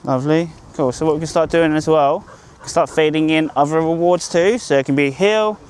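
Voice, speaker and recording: A man's voice: fairly high pitch, fairly quick, darkish tone, clear, resonant tone. A man working as a dog trainer, coaching an owner outdoors on a group walk. He is upbeat and encouraging, with sing-song praise for the dog.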